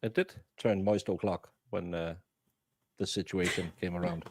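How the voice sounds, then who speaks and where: A man with a Southern American accent, co-hosting a podcast in casual chat, joking and halting with fillers. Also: low voice, fairly even intonation, darkish tone, no room sound.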